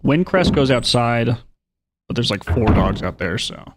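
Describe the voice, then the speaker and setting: Over loud music, a man with an expressive, medium-pitched voice narrates his moves in a horror game he's streaming live. He keeps a measured pace, chatting casually and adding wry asides.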